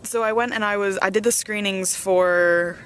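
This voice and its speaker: A young woman vlogging in casual chat, excitable and rambling with many fillers, outdoors on a windy hilltop. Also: medium pitch, moderate pace, smooth. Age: young adult.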